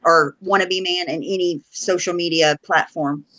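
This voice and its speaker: A woman's voice: fairly low pitch, fairly even intonation, normal speed, a bit bright, a little hiss or hum, low-quality recording. A woman co-hosting a casual live-stream chat, blunt and profane, teasing with laughter.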